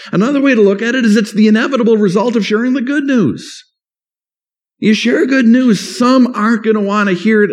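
Male pastor, mid-high voice, conversational sermon delivery with quoted asides. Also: a little mellow. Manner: conversational preaching with rhetorical questions and acted-out quotes.

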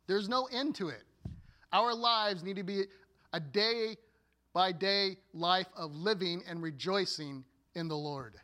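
A man preaching a sermon as a pastor, earnest and deliberate, with playful asides. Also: high voice, pushed and bright.

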